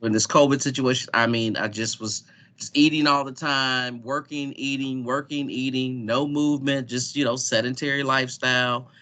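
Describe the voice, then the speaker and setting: Bright-voiced man moderating a webinar. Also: medium pitch, steady tone, moderate pace. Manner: chatty, storytelling with laughs. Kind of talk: casual chat. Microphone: video call.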